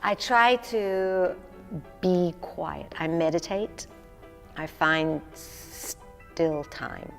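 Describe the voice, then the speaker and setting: An older woman, a singer and stage actress, talking candidly and self-deprecatingly in a relaxed interview, often laughing at herself. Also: fairly low pitch, extremely slow, gravelly, in a large hall, faint music behind.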